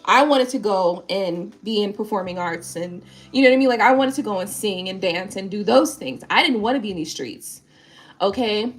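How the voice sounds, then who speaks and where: A woman's voice: mid-range voice, animated, normal speed. A woman tarot reader on a live stream, reading viewer comments in rambling, casual talk full of swearing and tag questions.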